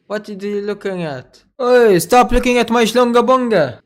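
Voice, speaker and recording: A man roasting strangers on a video chat, teasing and mocking them in loud bursts with sudden yelps and laughs. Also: high voice, moderate pace, a little hiss or hum. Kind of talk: loud joking banter.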